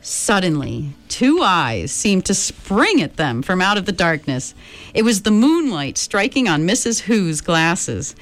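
A woman narrating an audiobook with calm, measured pacing, her low voice carrying an animated, rising and falling lilt. Quiet music plays faintly under the reading.

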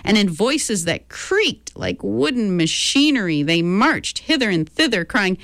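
A woman's voice: medium pitch, very animated, measured pace, few pauses, a bit bright, no room sound. A woman reading a storybook aloud, giving each character their own voice.

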